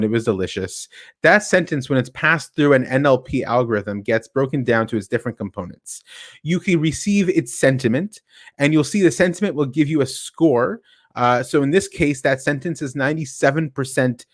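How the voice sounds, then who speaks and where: A man giving a technical talk in an animated, explaining manner, his pitch rising and falling freely as he steps through one example after another. He poses questions to the listeners and answers them himself. His voice sounds close and dry, with no room around it. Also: no echo. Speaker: speaker at a tech meetup.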